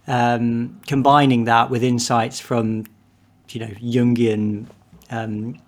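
A man's voice: medium pitch, steady tone, normal speed. A man, a vicar, talking as a podcast guest, often restarting and repeating words as he thinks aloud. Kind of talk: casual podcast conversation.

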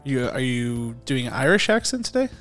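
A man's voice: mid-range voice, big pitch swings, moderate pace, fairly bright tone, soft background music. A man co-hosting a casual movie-news podcast, chatty and rambling, who often restarts his sentences and laughs easily. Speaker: podcast co-host.

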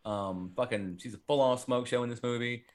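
A man's voice: mid-range voice, a little fast. A man hosting a podcast, chatting casually about a horror movie in a rambling, profane way with lots of fillers. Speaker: podcast host.

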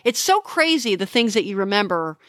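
A middle-aged woman, a homicide detective, telling the story of a case in an interview, halting and emotional, with many restarts. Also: mid-range voice, sing-song, fairly bright tone, no echo, studio quality.

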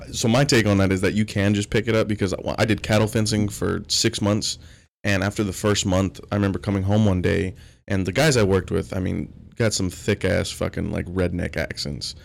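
A low, gravelly Texan man in a relaxed podcast chat. He tells his stories in a loose, rambling way, and his voice has a heavy rasp. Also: brisk. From Texas. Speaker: podcast co-host. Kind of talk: casual chat.

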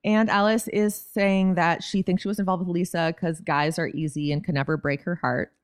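A woman's voice: on the low side, fairly even intonation, normal speed, clear, resonant tone, dry recording. Wry chatty woman, dry close sound. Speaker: podcast co-host. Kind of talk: casual chat recapping a TV episode.

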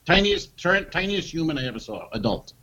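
A man in casual chat, telling an animated story, repeating lines for emphasis and swearing freely. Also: fairly high pitch, a little fast. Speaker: podcast co-host telling a story. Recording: slightly dull, lo-fi sound.

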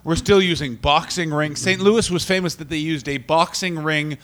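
A Canadian man, a stand-up comedian co-hosting a casual comedy podcast, talking fast and profanely. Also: on the high side, fairly bright tone. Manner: fast, profane, riffing into silly voices.

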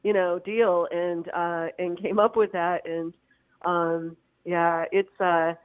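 A woman's voice: on the low side, steady tone, slow, dry recording. A woman comedian calling into an interview, rambling with lots of fillers and frequent laughs. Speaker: comedian guest. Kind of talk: phone-in interview. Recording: tinny phone line.

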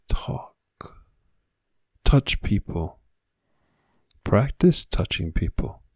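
A man's voice: deep voice, dark tone, no echo, studio quality. A man hosting a podcast, delivering an earnest motivational monologue with repeated exhortations. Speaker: podcast host.

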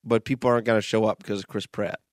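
A man's voice: on the low side, fairly even intonation, quick pace, dry recording, studio quality. A man co-hosting a podcast, chatting loosely and swearing while he rants in a laid-back way. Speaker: podcast co-host. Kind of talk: casual chat.

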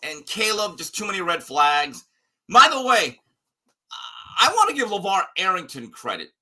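Animated, sharp-voiced sports pundit man. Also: high-pitched, normal speed. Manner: emphatic, blunt and sarcastic. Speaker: guest sports analyst. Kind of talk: opinionated sports talk.

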